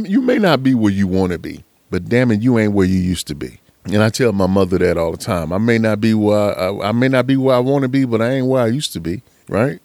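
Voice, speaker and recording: A man's voice: lowish voice, a little mellow, no echo. A man giving a casual, preachy motivational talk in slangy speech, often calling the listener man. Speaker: motivational speaker.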